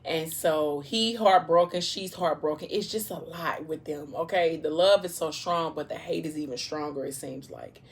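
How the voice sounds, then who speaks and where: A woman vlogger chatting casually over a meal, retelling a story in an animated way with playful asides. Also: low-pitched, normal speed, hardly any pauses. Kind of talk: casual storytelling during a mukbang.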